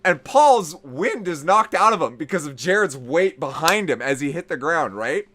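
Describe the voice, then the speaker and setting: A man telling a story on a podcast in casual, profane style, growing animated as it builds. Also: fairly high pitch, normal speed, a little hiss or hum. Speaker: podcast host.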